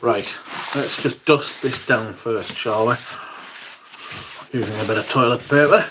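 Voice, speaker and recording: A man's voice: mid-range voice, sing-song, normal speed, fairly bright tone, a little hiss or hum. A man hosting a casual livestream from his room at home, talking to viewers while he tidies, sweary and theatrical. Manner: sweary, theatrical, grumbling to himself. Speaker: livestream host. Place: room at home, moving about while tidying.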